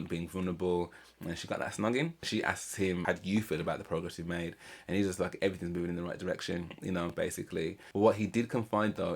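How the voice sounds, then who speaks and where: A man's voice: deep voice, creaky. A man casually recapping a reality show episode in a chatty, rambling way. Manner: chatty, rambling, mimics cast members. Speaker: reaction channel host.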